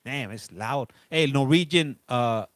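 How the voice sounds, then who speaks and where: A man's voice: mid-range voice, unhurried, dry recording. A middle-aged man hosting a casual live stream, chatting loosely and greeting viewers by name. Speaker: livestream host.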